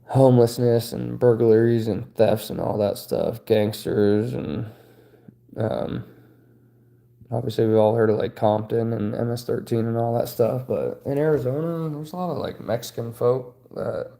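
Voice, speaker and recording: A man's voice: medium pitch, fairly even intonation, moderate pace, vocal fry, dark tone. A man in his thirties chatting casually on a livestream, rambling and joking crudely. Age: 30s. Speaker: streamer.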